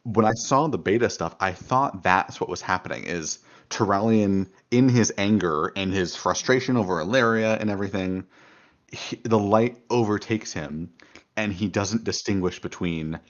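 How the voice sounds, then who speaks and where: A man talking through his thoughts on a casual podcast, thoughtful and explanatory. His voice sits fairly low. The recording sounds dull and lo-fi. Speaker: podcast co-host. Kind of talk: casual chat.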